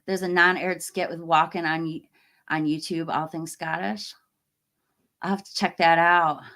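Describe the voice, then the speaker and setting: A middle-aged woman hosting a horror live stream talks at a measured pace in a fairly low voice that sounds pushed and bright, with fairly even intonation. She casually reads viewer comments, laughing often and trailing off in the middle of sentences.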